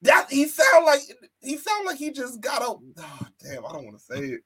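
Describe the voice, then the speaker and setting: A man's voice: very high-pitched, huge pitch swings, normal speed, crowd noise. A man hosting a casual wrestling podcast, swearing, laughing and mimicking wrestlers' voices. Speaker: podcast host.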